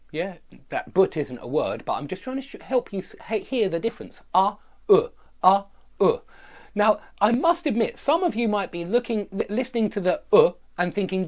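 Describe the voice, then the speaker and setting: A man with a Southern English accent teaching pronunciation, drilling word lists with slow, exaggerated enunciation and checking in with "yeah?" and "okay?". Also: sits high, huge pitch swings, darkish tone. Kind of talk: online pronunciation lesson.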